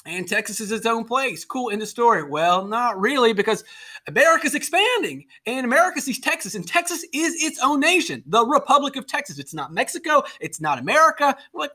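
A man lectures a history class in a high, bright voice. He keeps the lesson loose with sarcastic jokes and quick acted-out lines for the groups he talks about. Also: sing-song. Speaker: history teacher.

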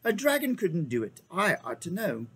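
A man's voice: high voice, huge pitch swings, moderate pace, slight background noise, voice pushed up. A man reading aloud and voicing a smug, know-it-all boy.

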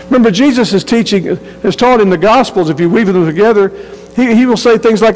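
A man's voice: sits high, a little fast, a little mellow, long reverb tail, poor audio. A man preaching a sermon as pastor, earnest and emphatic, often repeating words as he restarts a phrase.

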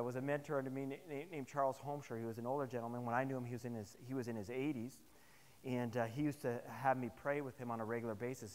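A man preaching a sermon to his congregation, telling personal stories in an animated, humorous way. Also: medium pitch, in a large hall. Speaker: pastor. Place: chapel service.

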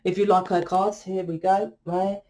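A woman's voice: mid-range voice, level tone, normal speed, dark tone. A woman giving a casual tarot reading to camera. She talks bluntly, swears freely and keeps tagging her points with "right?". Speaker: tarot reader.

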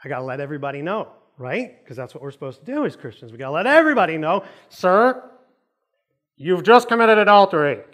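A man's voice: fairly high pitch, very animated, very fast, hardly any pauses, fairly bright tone. A man preaching a sermon in a church, telling a joking story with lots of energy. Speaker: pastor. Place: church auditorium.

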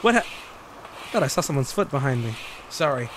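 Excitable young man with a lively voice. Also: medium pitch, fairly quick, a little hiss or hum. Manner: excitable, joking, swears freely. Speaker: streamer. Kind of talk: gameplay commentary.

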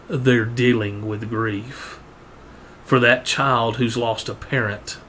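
A man preaching a sermon, earnest, often repeating words and rising in pitch to press a point. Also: a bit bright, a little hiss or hum.

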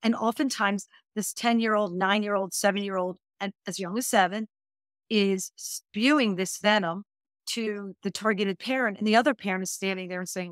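A woman's voice: medium pitch, fairly even intonation, moderate pace, no room sound, clean studio sound. A woman speaking as a divorce coach guest on a podcast interview, earnest and emphatic, stacking her points in lists.

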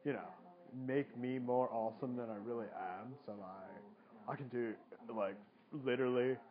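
A man's voice: mid-range voice, normal speed, crowd noise. Slangy mocking man on a live stream. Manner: slangy, mocking, swears freely. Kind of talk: casual joking live commentary. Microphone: phone mic. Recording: dull lo-fi phone stream audio.

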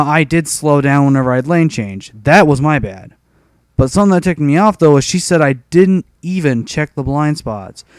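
A man's voice: medium pitch, darkish tone, clean tone, dry recording. A young man telling a rambling, profane story in a casual rant over gameplay. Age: young adult. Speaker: gaming commentator.

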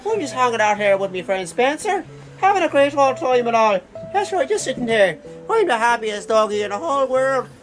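A cocky, foul-mouthed pet dog, as a man puts it on, pitched well above a man's normal voice and bursting with loud glee. He swears freely and brags without a care. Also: sing-song, a little fast, faint music behind, low-quality recording. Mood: cheeky carefree. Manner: cheeky, swearing, boastful.

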